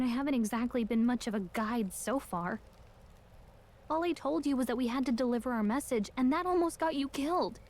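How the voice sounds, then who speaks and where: An actress playing an earnest, caring young companion in a video game, talking in an encouraging, conversational way. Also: female voice, on the high side, darkish tone, lightly acted. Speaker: game character.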